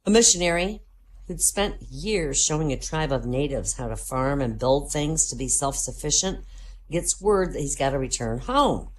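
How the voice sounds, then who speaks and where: A woman's voice: low-pitched, expressive, moderate pace. A woman telling a string of jokes in a voice-chat comedy show, steadily building each one to its punchline.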